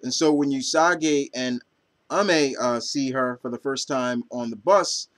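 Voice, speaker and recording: A man's voice: medium pitch, measured pace, no echo. A man vlogging casually as an enthusiastic anime fan, talking in a hesitant way with many ums and restarts. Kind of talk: casual chat.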